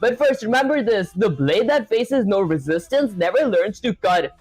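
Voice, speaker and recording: A man's voice: sits high, expressive, moderate pace, darkish tone, slightly rough, no room sound, rough recording. Man voicing a grandiose male AI sensei, bossy and theatrical, dry close sound. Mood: commanding.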